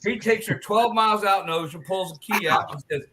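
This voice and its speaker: A man hosting a casual live stream tells a long, crude joke in an animated, profane way. His voice is high and bright, and it rises and falls a great deal. A faint noise sits behind him. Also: fast talker.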